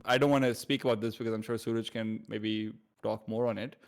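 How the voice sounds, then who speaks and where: A man's voice: on the low side, flat delivery, brisk, clear, resonant tone. Pakistani accent guy, podcast guest, rambles a lot with uhs and likes. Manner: rambling, full of fillers and restarts. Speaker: esports commentator guest. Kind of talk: casual podcast chat.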